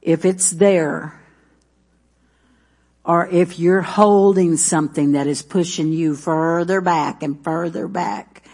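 A woman's voice: fairly low pitch, fairly even intonation, slow pace, a little mellow, breathy edge. A middle-aged woman, preaching a sermon in a conversational way, with asides and restarts aimed at the congregation. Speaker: pastor.

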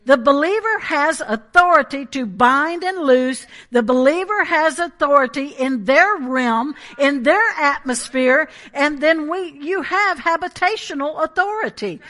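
High, bright-voiced woman preaching. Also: a little slow, few pauses. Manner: animated, emphatic preaching with asides and laughs. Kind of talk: sermon.

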